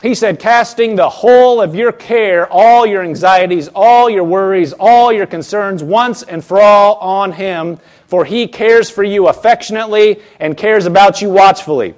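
A man's voice: high-pitched, measured pace. A man preaching a sermon as pastor, emphatic, often repeating phrases and restarting.

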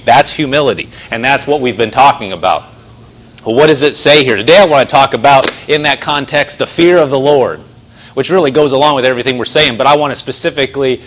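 A man delivers a sermon in a loose, conversational way, with frequent restarts. He slows down and leans into phrases he wants to stress. His voice sits at an ordinary middle pitch. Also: expressive, fairly bright tone, poor audio. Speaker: pastor.

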